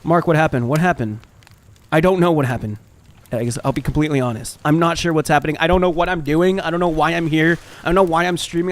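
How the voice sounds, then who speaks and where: A man streaming a game, chatting casually in a rambling, self-mocking way and swearing freely. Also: a little high. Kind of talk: casual gaming stream chat.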